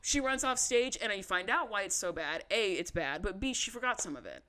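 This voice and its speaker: A woman's voice: mid-range voice, a little fast. A woman co-hosting a podcast, recapping a reality show in a casual, profane, sarcastic rant. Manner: profane, sarcastic, animated ranting. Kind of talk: casual chat.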